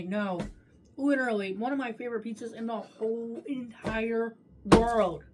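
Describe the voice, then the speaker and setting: A woman vlogger with a fairly high voice reviews her takeout on camera. She swears freely, talks between bites and slides into loose, irritated ranting. A faint hum of noise sits under her voice. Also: moderate pace. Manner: profane, ranting, talks while chewing. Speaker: food vlogger. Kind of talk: casual food review.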